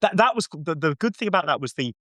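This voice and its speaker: A man hosting a casual podcast chat, excitedly acting out quoted lines in shifting voices. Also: a little high, fast talker, dry recording, clean studio sound. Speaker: podcast host.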